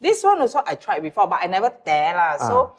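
A woman's voice: medium pitch, wildly swooping pitch, a little fast, breathy edge. A woman in her forties with a Singaporean English accent, hosting a casual podcast chat in a teasing, exasperated way. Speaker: host.

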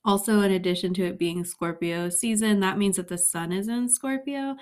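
A woman's voice: medium pitch, moderate pace, darkish tone. A woman hosting a solo podcast in a casual, chatty Valley Girl-style voice, full of "like" and "um", a little nervous. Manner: Valley Girl-ish, lots of "like" and "um". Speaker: podcast host.

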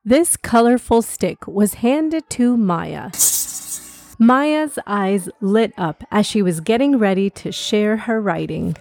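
Woman host-storyteller, unhurried, gentle kids' delivery. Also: medium pitch, lively intonation, gravelly, no room sound. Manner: gentle, warm-hearted storytelling for kids. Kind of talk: children's story narration.

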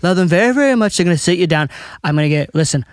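Brash rambling politician , put on by a man, bragging, high voice, dry mic. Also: lively intonation, rapid-fire, no echo. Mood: boastful. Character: impression of a boastful male politician.

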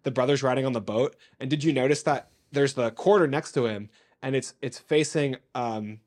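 A young man co-hosting a laid-back movie podcast. He talks eagerly, laughs a lot and fills his sentences with "like" and "um". His pitch sits at an ordinary middle level for a man. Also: normal speed, darkish tone. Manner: enthusiastic, laughs often, many fillers. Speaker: podcast co-host. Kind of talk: casual movie review chat.

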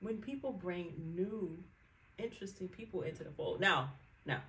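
A woman's voice: fairly low pitch, normal speed, a bit bright. A woman with a New York accent co-hosting a podcast in casual chat, laughing often and pressing for details. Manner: laughs often, clarifies and teases. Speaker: podcast co-host.

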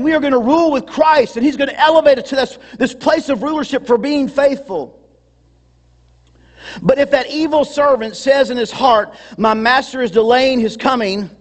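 Male pastor, very high voice, preaching in a church with long reverb, calls for congregation responses. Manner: preaching with congregation call-and-response, rising to shouts. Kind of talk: sermon. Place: church sanctuary.

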